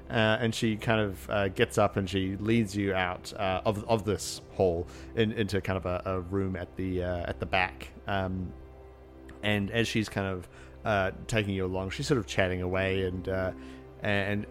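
A man narrating as game master in a tabletop game, halting and full of fillers. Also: low voice, steady tone, faint music behind.

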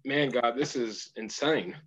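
A man interviewing a football player in a relaxed, halting way with many fillers. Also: medium pitch, slight background noise. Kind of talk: casual interview. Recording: dull lo-fi sound.

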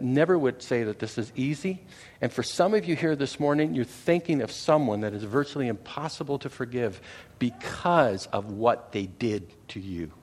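A middle-aged Canadian man preaching a sermon in a conversational way. He often repeats words and checks in with the congregation. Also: mid-range voice. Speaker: pastor.

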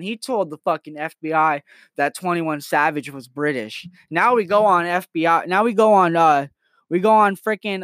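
A man's voice: high voice, a bit bright, dry recording, clean studio sound. A nineteen-year-old man telling crude jokes and rambling on a casual comedy podcast from his bedroom. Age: late teens. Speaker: podcast host.

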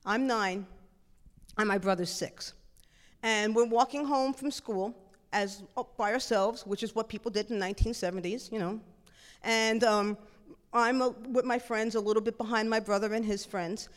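A middle-aged woman telling a personal story in a lively, animated way, jumping into acted-out dialogue. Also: a little high, normal speed, in a large hall.

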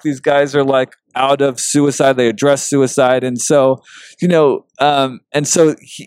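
A man talking a book over in casual chat, earnest and emotional, pausing with fillers. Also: medium pitch, a little mellow, no echo, clean studio sound.

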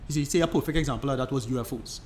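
A man's voice: medium pitch, rapid-fire, a little hiss or hum. A man co-hosting a podcast, explaining at length in casual chat, rambling and restarting his sentences. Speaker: podcast co-host.

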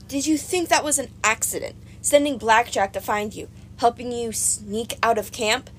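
A woman's voice: fairly high pitch, normal speed, a little hiss or hum, lightly acted. A woman voicing a vain, gushing goddess of love in an audiobook reading, in a dramatic, doting manner. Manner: breathy, swooning, dramatic and doting.

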